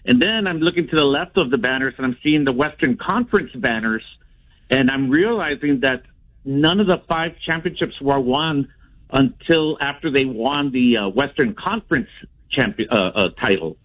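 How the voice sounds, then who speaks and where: A man calling in to a sports radio show, speaking haltingly with many fillers. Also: medium pitch, dull audio. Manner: hesitant, halting. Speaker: caller. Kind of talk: casual call-in.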